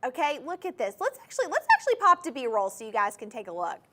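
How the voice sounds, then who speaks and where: With a high voice, huge pitch swings, and a quick pace, this fairly bright-toned host gushes over jewelry on live shopping TV, with a little hiss or hum audible. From the studio she talks straight to viewers, enthusiastically repeating item numbers and key points.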